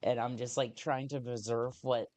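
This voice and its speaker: A woman's voice: extremely low pitch, level tone, darkish tone, no room sound. Woman streamer, casual gameplay commentary, rambling and self-correcting. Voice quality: rambling, self-correcting, reads on-screen text slowly. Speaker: game streamer.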